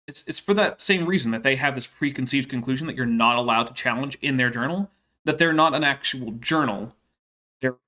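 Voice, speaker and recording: A man cuts into a clip with sarcastic commentary. His voice is fairly high and sharply bright, and he mocks what he hears with dry, deliberate asides. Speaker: reaction video host.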